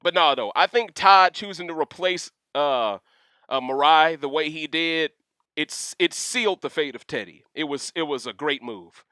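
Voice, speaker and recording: A young man hosting a casual livestream rant, reading chat questions aloud and talking in an animated, slangy way full of asides. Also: on the high side, moderate pace, clear, resonant tone, no echo, clean studio sound. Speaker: livestream host.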